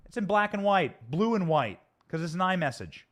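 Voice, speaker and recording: A man with a fairly high voice rants through his political commentary, angry and emphatic. He pushes every point with theatrical force, and he speaks from a studio. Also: big pitch swings, normal speed, fairly bright tone. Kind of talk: heated political commentary rant.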